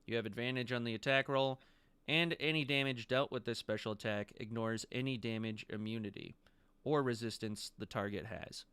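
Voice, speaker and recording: Clear-voiced man running a tabletop game. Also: medium pitch, fairly even intonation, normal speed, a bit bright, dry recording. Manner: matter-of-fact, explaining rules and items. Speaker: game master.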